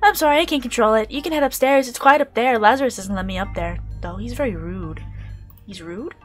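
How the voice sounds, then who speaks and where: A woman voicing a chirpy, petulant young café worker in a game, bubbly and loud. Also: fairly high pitch, fairly quick, faint music behind, lightly acted.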